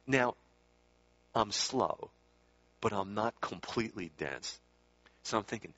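Speaking slowly with long pauses, a man tells a loose, rambling story about a spiritual teacher he spent time with, correcting himself and adding side comments. His fairly low voice is expressive and fairly bright, and the dry recording sounds dull and lo-fi.

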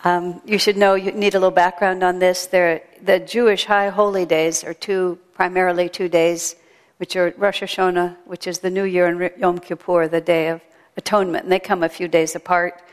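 A woman's voice: fairly low pitch, little pitch movement, normal speed. A woman giving a chatty, storytelling sermon at a temple. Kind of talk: sermon with a told joke. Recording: long hall reverb.

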